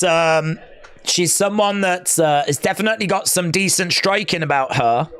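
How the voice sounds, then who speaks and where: A man from England hosting a live fight watch-along stream, chatting casually, reading out viewers' comments and breaking into excited cheers. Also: high voice, clear, resonant tone.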